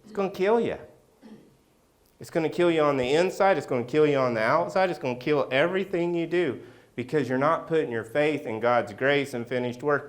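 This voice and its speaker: A man preaching a sermon as pastor, telling a personal story and acting out the scenes with loud outbursts. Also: on the high side. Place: church sanctuary.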